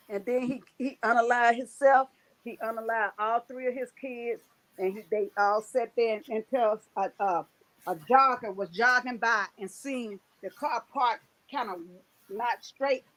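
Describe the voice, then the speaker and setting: High-pitched woman telling a story. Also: a little slow, poor audio. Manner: animated storytelling, emphatic repetitions. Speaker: host. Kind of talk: casual chat.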